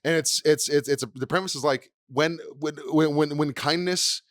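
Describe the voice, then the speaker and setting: A man's voice: on the high side, normal speed, fairly bright tone, no room sound, clean studio sound. A young man co-hosting a casual podcast, rambling with many restarts and plenty of swearing. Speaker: podcast co-host. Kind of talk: casual chat.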